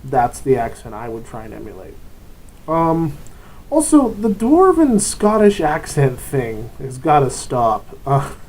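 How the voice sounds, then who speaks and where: A man's voice: mid-range voice, dark tone, rough recording. Chatty man hosting a tabletop RPG vlog. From grew up in Germany. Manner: rambling, self-interrupting, chatty. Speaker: tabletop RPG channel host. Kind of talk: casual advice vlog.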